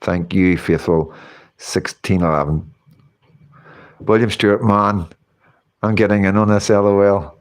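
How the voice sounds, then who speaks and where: A man's voice: on the low side, steady tone, a little slow, pauses often. A man, hosting a casual livestream, rambling and chatting as he reads out comments, often breaking into laughter. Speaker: livestream host reading chat.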